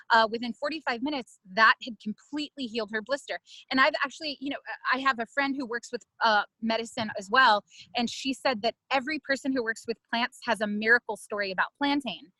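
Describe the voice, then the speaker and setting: A woman's voice: a little high, no room sound, rough recording. A middle-aged woman, an ethnobotanist, leading a virtual plant walk in a casual, conversational way, telling stories with frequent fillers. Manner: conversational, many fillers, warm storytelling pace. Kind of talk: casual teaching and storytelling.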